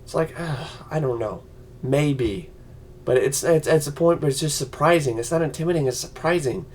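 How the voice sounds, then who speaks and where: A man's voice: fairly high pitch, normal speed, a little hiss or hum. Angry profane man ranting about movies. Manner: profane, yelling, mocking voices. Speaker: vlogger.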